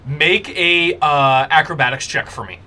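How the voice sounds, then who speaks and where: A man's voice: on the high side, unhurried, sharp tone, slight background noise. A man narrating as game master for a tabletop game, describing scenes with frequent fillers.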